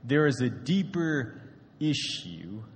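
A man's voice: mid-range voice, very animated, slow pace, long reverb tail. A male pastor preaching a sermon to a congregation in a casual, conversational way.

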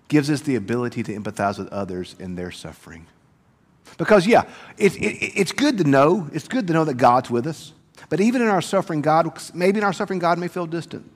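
A pastor delivering a sermon, moving between hushed, tender passages and loud, rising preaching. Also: male voice, medium pitch. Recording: reverberant church hall.

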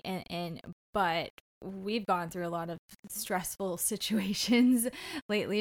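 A woman's voice: lowish voice, fairly bright tone. A woman co-hosting a casual marriage podcast, talking in an earnest, reflective way. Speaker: podcast co-host.

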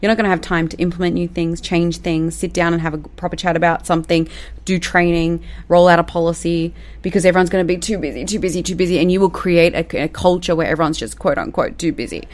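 A woman's voice: fairly low pitch, fairly even intonation, fast. A woman, giving casual, direct advice to managers and acting out quoted dialogue in a playful way. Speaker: business coach for managers.

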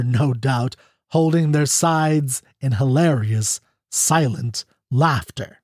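Male narrator for a classic short story; measured, expressive, fairly high voice. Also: slightly rough, no echo, studio quality.

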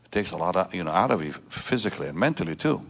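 A pastor in his seventies gives an emotional personal testimony to a church congregation, with halting restarts. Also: deep voice, very animated. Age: 70s. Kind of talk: prayer and personal testimony sermon. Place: church service before a congregation.

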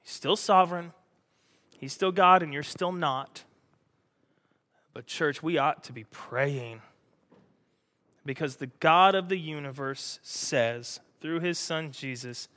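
A male pastor preaching a sermon, animated and joking, acting out the scripture he reads. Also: a little high, slow, pauses often, in a large hall.

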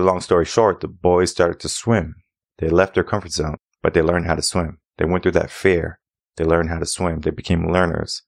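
A man's voice: creaky, no echo, clean studio sound. A man hosting his own podcast as a mindset coach, telling a story earnestly and acting out the dialogue by lifting his voice. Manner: earnest, repetitive, acts out dialogue with a higher voice.

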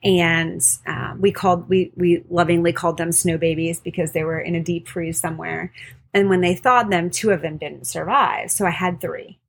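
A woman's voice: lowish voice, steady tone, moderate pace, gravelly, husky. A woman midwife and podcast co-host candidly telling a personal story in casual conversation. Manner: candid, storytelling with quoted voices.

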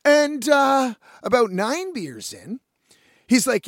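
A young man and independent musician telling a story in a casual, animated way, swearing freely and addressing listeners as folks. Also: extremely high pitch, slow pace, dry recording, studio quality.

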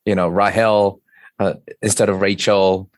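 Korean-accented man, very deep, native Korean, earnest interview guest, dry close sound. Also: normal speed, no room sound. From South Korea. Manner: earnest, plain-spoken, with repeated restarts. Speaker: podcast guest. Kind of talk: conversational interview.

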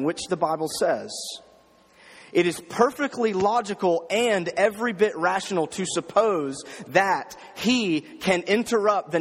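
A man's voice: sits high, long reverb tail. A man preaching a sermon, emphatic, repeating his phrases and asking rhetorical questions. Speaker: pastor.

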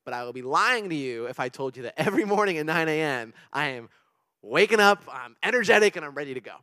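A young man, a pastor, giving a casual sermon full of personal stories, animated and rambling with many restarts. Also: fairly high pitch, quick pace, dry recording.

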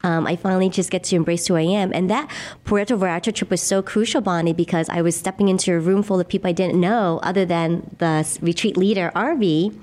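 Earnest middle-aged woman, slightly low voice. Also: steady tone, fairly quick. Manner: earnest, gentle, reflective. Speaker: laughter yoga leader, guest. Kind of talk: conversational interview, guided exercise.

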